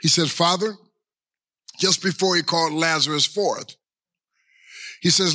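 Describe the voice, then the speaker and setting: A man's voice: a little high, fairly even intonation, pushed and bright. A man preaching a sermon as pastor, drawing out his words and asking the congregation rhetorical questions. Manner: preaching with long drawn-out pauses and repeated rhetorical questions.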